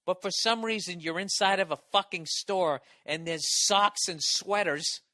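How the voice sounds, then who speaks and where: A man rants through a comedic podcast monologue, swearing freely and tripping over restarts as his exasperation builds. His voice is bright and forceful, pitched a bit high. The sound is dry and close. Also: unhurried, no echo. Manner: profane, exasperated ranting with restarts. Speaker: podcast host. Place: Los Angeles.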